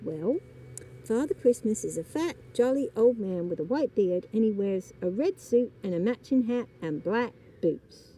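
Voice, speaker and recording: A woman's voice: medium pitch, lively intonation, measured pace, dark tone, husky. Woman playing a bossy know-it-all little girl. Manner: matter-of-fact, know-it-all. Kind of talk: storybook reading.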